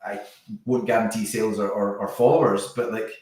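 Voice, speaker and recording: A man, a business founder talking casually as a podcast guest, chatty and quick to laugh. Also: fairly low pitch, fairly even intonation, a little mellow. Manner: chatty, laughs easily, trips over words. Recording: echoey room, far from the mic.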